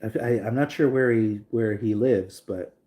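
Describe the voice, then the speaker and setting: Speaking at a moderate pace, a young streamer with a fairly low, mellow voice chats casually to his audience. His talk wanders, packed with filler words, as he reads messages from chat aloud.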